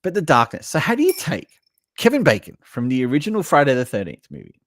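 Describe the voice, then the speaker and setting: A man's voice: mid-range voice, fast, dry recording, studio quality. A man hosting a live stream, reacting bluntly and with lots of swearing to a list of horror movies. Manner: animated, blunt and sweary, reads chat comments aloud. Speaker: livestream host reviewing horror movies. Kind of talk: casual live reaction chat.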